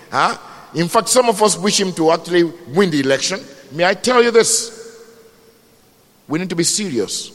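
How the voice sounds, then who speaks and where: A man preaching a sermon, rising to loud cries and dropping to low murmurs. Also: big-room sound.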